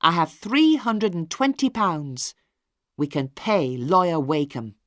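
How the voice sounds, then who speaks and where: A woman's voice: lowish voice, lively intonation, slow pace, no room sound, clean studio sound. A woman doing an earnest young son. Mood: eager.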